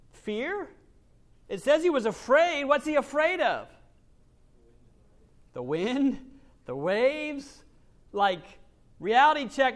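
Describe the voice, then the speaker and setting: A man with a notably high-pitched voice preaches as a pastor, animated throughout. He swings from forceful, loud phrases to quiet, whispery asides, and he takes on quoted voices to illustrate what he's saying.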